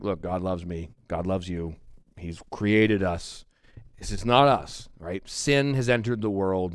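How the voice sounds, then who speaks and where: A man's voice: fairly low pitch, dry recording. Middle-aged guy preaching, chatty, keeps saying right, dry close sound. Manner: conversational, animated preaching with frequent "right?" asides. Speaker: pastor. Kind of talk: expository sermon. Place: church sanctuary.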